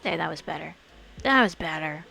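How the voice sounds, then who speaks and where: A woman's voice: deep voice, animated, normal speed, gravelly, bright, forceful tone, faint music behind. A woman streamer chatting casually while playing a game, thinking aloud and murmuring to herself.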